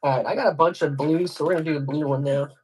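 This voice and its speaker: A man's voice: fairly high pitch, fairly even intonation, very fast, a little mellow, a little hiss or hum. Man, casual livestream host type, rambling and slangy. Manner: rambling storyteller, laughs while telling stories; loose slangy speech with many fillers. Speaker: fly and jig tier on a livestream.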